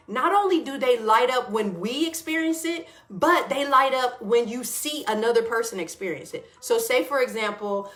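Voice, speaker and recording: A woman hosting a casual wellness livestream, talking loosely to her viewers and greeting them by name as she goes. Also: on the high side. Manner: warm, chatty, greets viewers by name mid-talk.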